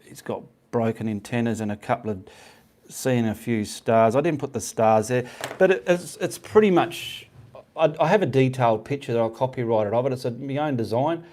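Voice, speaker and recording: A middle-aged Australian man hosts a live painting stream, his mid-range voice darkish in tone and moderately paced. He reads comments and chats casually with viewers, rambling and often checking in with "okay".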